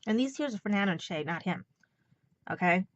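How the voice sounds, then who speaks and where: A woman's voice: mid-range voice, animated, brisk, no room sound, dull audio. A woman with a New York accent talking emotionally in a rambling personal vlog, holding back tears. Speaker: vlogger.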